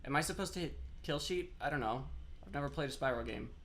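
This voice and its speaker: A man's voice: on the high side, fast talker, fairly bright tone, slight background noise. A man on a headset mic giving casual live game-stream commentary, chatty and rambling as he answers chat while he plays.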